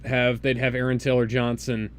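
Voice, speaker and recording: A man co-hosting a podcast, chatting casually in a rambling, halting way. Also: medium pitch, level tone, smooth. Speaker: podcast co-host. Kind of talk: casual chat.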